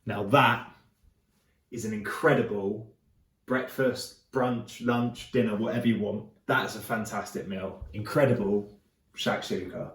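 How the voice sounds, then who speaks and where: A man hosting a cooking vlog, tasting his dish and gushing over it in an excitable, casual way. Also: fairly low pitch, a little slow, reverberant. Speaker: cooking show host.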